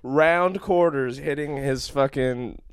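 A man co-hosting a podcast, joking around with quick, profane reactions. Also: mid-range voice, slight background noise. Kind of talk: casual profane banter.

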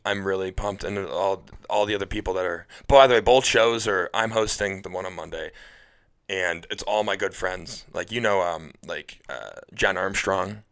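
A young man from the Cleveland area, a comedian guest talking in an excitable, rambling way in a casual podcast chat. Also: low voice, normal speed. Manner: excitable, rambling, repeats words.

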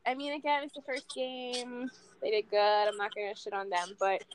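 Casual sports-chat woman, slightly high voice. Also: moderate pace, a little hiss or hum. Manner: candid, swears freely, animated sports fan talk.

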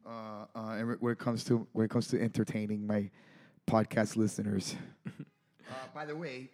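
A man's voice: on the low side, steady tone, normal speed, warm tone. A man co-hosting a podcast, chatting casually about a movie, rambling and self-deprecating with lots of restarts. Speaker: podcast co-host.

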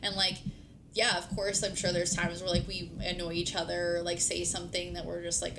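Speaking in a monotone and fairly quickly, a podcast host chats casually with her partner, full of "like" and the odd curse. Her recording is noisy and carries a low rumble.

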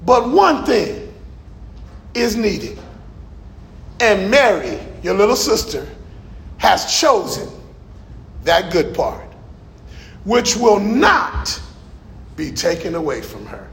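High-voiced preacher, slow and emphatic. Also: male voice, big pitch swings, vocal fry. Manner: emphatic, rising to shouted stresses; folksy asides to the congregation. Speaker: pastor. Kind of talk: sermon. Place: church.

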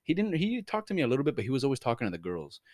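A man co-hosting a casual podcast, telling stories in an animated, profane way and laughing at himself. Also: medium pitch, racing, no room sound, clean studio sound. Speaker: podcast co-host. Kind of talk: casual storytelling chat.

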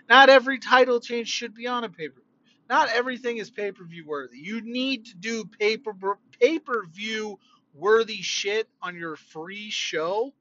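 A man hosting a quick podcast while driving home, talking casually and emphatically about wrestling. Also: sits high, lo-fi sound. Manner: animated, emphatic, conversational. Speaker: podcast host. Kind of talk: casual wrestling opinion rant.

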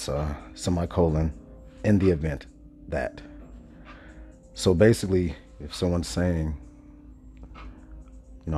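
A man hosting a casual monologue podcast, stoned, talking slowly and loosely with many pauses and self-corrections. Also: sits low, a little mellow. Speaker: podcast host. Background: faint background music.

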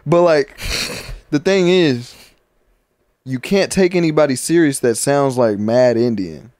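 A man's voice: medium pitch, unhurried, dry recording, studio quality. A man co-hosting a podcast, talking in loose, profane, joking banter. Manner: loud, joking, profane, animated. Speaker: podcast co-host.

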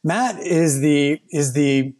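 A man's voice: on the high side, slow pace, darkish tone. A man co-hosting a podcast who introduces the guest in an upbeat, joking way. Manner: upbeat, jokey. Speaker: podcast co-host. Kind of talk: casual podcast chat.

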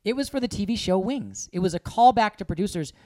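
A man's voice: high-pitched, fast. A man in casual chat, telling funny stories with lots of laughter and put-on voices. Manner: animated storyteller, laughing often and putting on voices.

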